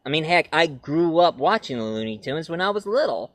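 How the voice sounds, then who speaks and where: A man's voice: on the high side, very animated, brisk, fairly bright tone, no echo. A man reviewing classic cartoons in a rambling, casual way with many fillers. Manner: rambling, frequent fillers, breaks into cartoon voices.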